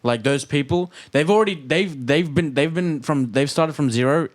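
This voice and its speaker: A man's voice: on the high side, normal speed, dry recording. A man co-hosting a casual podcast, easygoing and agreeable, often repeating words as he talks. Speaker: podcast co-host.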